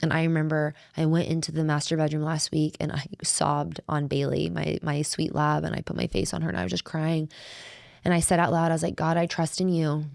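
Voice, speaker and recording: A middle-aged woman with a low, gravelly voice co-hosts a faith podcast. She talks in an earnest, heartfelt way and often circles back and restarts her sentences. The sound is dry and close, with little room echo. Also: little pitch movement, fairly quick, a little mellow. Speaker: podcast co-host. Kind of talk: faith-based conversational podcast.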